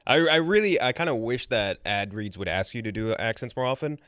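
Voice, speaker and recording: A man's voice: medium pitch, animated, fairly quick, a bit bright, smooth, no echo. A man co-hosting a sports betting show, teasing his partner and rambling about games. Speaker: co-host. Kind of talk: casual sports chat.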